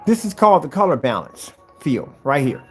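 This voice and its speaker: A man demonstrating projector screen paint in a combative, animated way, talking straight to his critics. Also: on the high side, moderate pace, soft background music. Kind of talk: product demonstration rant.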